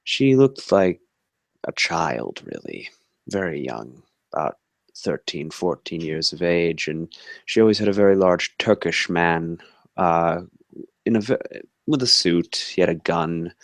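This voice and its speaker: A man playing a polite, homeless male vampire in a tabletop role-play, speaking in a formal, courteous, unhurried way. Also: low-pitched, big pitch swings, creaky, dry recording, studio quality, heavily acted. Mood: measured.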